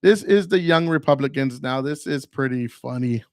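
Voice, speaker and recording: A podcast host with a medium-pitched, slightly mellow voice talks at a moderate pace in a dry, clean studio recording. His casual monologue is blunt and crude, loaded with profanity, and he acts out other people's voices while telling stories.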